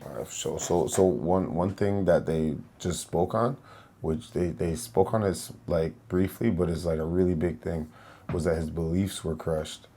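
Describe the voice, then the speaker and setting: Man, very deep voice, mellow tone, reflective, casual chat. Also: unhurried, husky.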